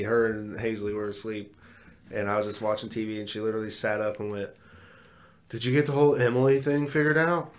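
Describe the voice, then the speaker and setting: Low-voiced man telling stories casually. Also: slight background noise. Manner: swears a lot, animated storytelling. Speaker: podcast co-host. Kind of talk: casual chat.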